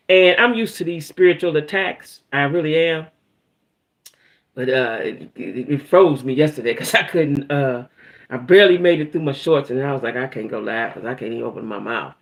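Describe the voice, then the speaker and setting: A woman's voice: sits low, moderate pace. A woman hosting a casual live chat, talking straight to her viewers, often checking in with them and swearing freely as she tells her news. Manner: chatty, keeps checking in with "right?" and "y'all"; frequent restarts and stumbles. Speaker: livestream host.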